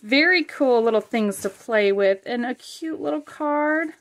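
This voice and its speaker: A woman hosting a casual crafting vlog, unboxing supplies with chatty, gushing excitement and frequent fillers. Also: on the high side, measured pace. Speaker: craft channel host.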